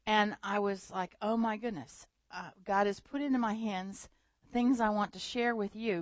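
A woman preaching a sermon in a lively storytelling manner, often laughing. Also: on the high side, no echo.

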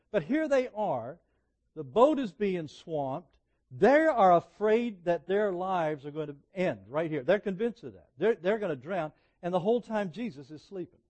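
A middle-aged man preaching a sermon, telling personal stories in a conversational way that swings from emphatic peaks to quiet asides. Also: high-pitched.

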